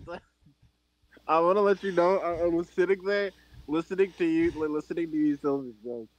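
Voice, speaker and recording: A man's voice: fairly high pitch, steady tone, moderate pace, highs cut off. A man chatting casually and teasing a friend about his joke, laughing as he talks. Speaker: listener. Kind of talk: casual chat.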